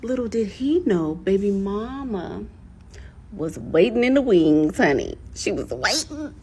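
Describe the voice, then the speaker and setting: A woman telling a personal story to camera in a casual storytime, animated and laughing, acting out quotes. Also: slow pace, slight background noise. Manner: animated, laughing, acts out quotes with big pitch jumps. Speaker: storyteller vlogger.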